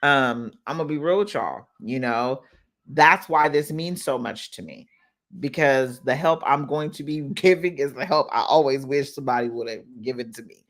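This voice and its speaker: A woman's voice: extremely low pitch, moderate pace. A woman coach talking casually to her followers on a live stream. She is emphatic and heartfelt and repeats phrases for effect. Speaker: business mindset coach.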